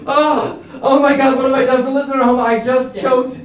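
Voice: high-pitched, level tone, normal speed, a little hiss or hum. A host of a comedic improvised role-play who talks in a flustered, pleading way and laughs often. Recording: roomy room, far from mic.

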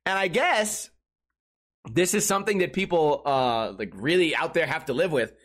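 A man's voice: fairly high pitch, animated, normal speed, a bit bright. A man rambling casually through a podcast monologue, swearing and joking about movies. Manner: rambling, profane, jokey movie talk. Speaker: podcast host.

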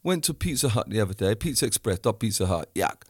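A man's voice: fairly low pitch, fast, breathy edge, no room sound, clean studio sound. A man from the UK talking straight at the listener in a ranting monologue, acting out both sides of his stories. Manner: animated storytelling, acts out both sides of dialogue.

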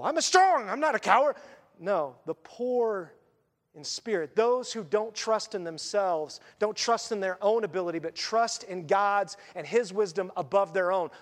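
A man delivering a sermon with a high, light voice. He preaches in a lively, conversational way and drops into quick voiced asides. A long reverb trails after his words in a reverberant church hall. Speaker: pastor.

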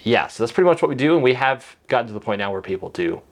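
A young man, a social media creator, talking casually on a podcast in a relaxed, filler-heavy way and laughing easily. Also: mid-range voice, racing.

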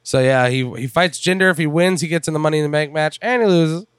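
Male podcast co-host, casual, wry, clear smooth voice, dry close mic. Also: on the high side, quick pace, dry recording. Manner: rambling, wry, sprinkled with swearing. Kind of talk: casual chat.

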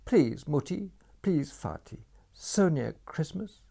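A man reading a story, voicing a desperate young woman in a high, gabbling, pleading voice. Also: expressive, slow, gravelly, mellow, breathy edge, exaggerated voice.

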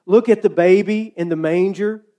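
Man preaching slow with big pauses, bit high voice, leans hard on words. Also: warm tone, lo-fi sound. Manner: slow, emphatic delivery with dramatic pauses. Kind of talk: sermon.

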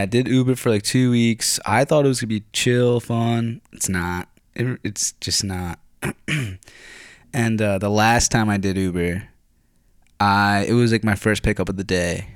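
Man, young adult, low pitch, dry recording, rambling profane storyteller, clears throat often. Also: dry recording. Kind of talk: casual storytelling.

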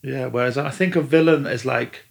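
Man, middle-pitched, chatty and meandering, restarts his sentences constantly. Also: normal speed, creaky. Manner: rambling, many restarts and fillers. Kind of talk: casual chat. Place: lives in a German-speaking country.

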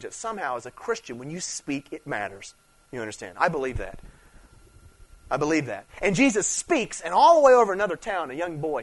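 Guy preaching a sermon, kinda high voice, chatty, keeps going "you understand", repeats himself for emphasis. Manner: conversational preaching, rising and falling in intensity, frequent "you understand"; repeats and restarts phrases for emphasis. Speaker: traveling preacher.

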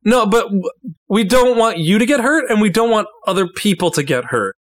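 A woman's voice: mid-range voice, animated, moderate pace, dry recording. A woman playing a tabletop role-playing game, speaking hesitantly and often repeating her words. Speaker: player. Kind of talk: casual tabletop role-play.

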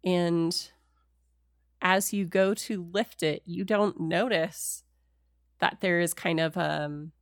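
Relaxed woman running a tabletop game. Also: fairly low pitch, slow, dry recording, studio quality. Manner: relaxed, hesitant with many fillers. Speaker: game master.

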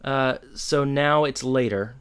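Man co-host, easygoing, rambling plot recap, mid-pitch voice. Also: slow, clean tone. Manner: relaxed, rambling narration with fillers. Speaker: podcast co-host. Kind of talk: casual chat recapping a TV episode.

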